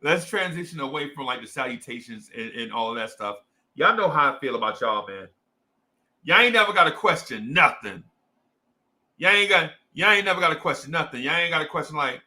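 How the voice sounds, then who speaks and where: A man's voice: fairly high pitch, lively intonation, brisk, bright, forceful tone. A young adult man from New Jersey with a New Jersey accent, hosting a casual fan show in a slangy, repetitive, hype way. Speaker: sports show host. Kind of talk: casual livestream chat to fans.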